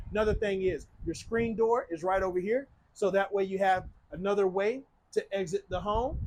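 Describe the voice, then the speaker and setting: A man hosting a walkthrough tour of a small home, delivering an upbeat sales pitch to his viewers. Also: slight background noise, rough recording. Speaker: tiny home salesman and channel host. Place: inside a small cabin-style home and on its screened porch.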